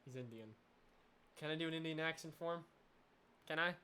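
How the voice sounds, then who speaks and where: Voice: mid-range voice, a little fast, sharp tone, a little hiss or hum. A game developer giving casual playthrough commentary, joking, swearing and reading the game's dialogue aloud.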